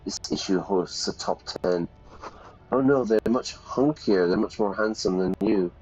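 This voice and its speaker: Man, English teacher, casual let's-play, explains words, lowish voice, slightly dull sound. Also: a little slow, darkish tone. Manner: chatty, reads game text aloud and explains words. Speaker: English teacher playing a game.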